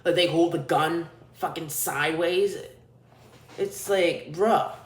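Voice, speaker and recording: A man's voice: fairly high pitch, slow. A man hosting a podcast, delivering a crude, profane, ranting solo monologue. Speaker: podcast host. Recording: roomy echo.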